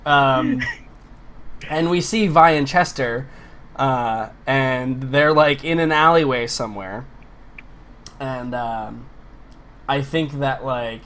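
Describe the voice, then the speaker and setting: A man's voice: mid-range voice, slow, long pauses, fairly bright tone. A man narrating a tabletop game as game master, in loose narration full of fillers.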